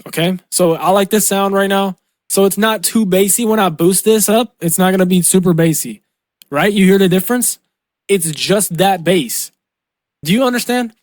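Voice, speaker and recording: A young man teaching vocal mixing in a loose, slangy way, calling out "bro" and "boom" as he works. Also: no echo, studio quality. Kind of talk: casual screen-recorded tutorial. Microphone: close studio mic.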